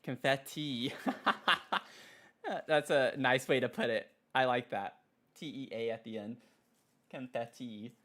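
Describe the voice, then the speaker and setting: A man streaming casually at his desk mic, excitable and giggly, cooing softly to his pet between thanks to viewers. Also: medium pitch, slow, long pauses. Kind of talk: casual live-stream chat. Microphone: desk microphone.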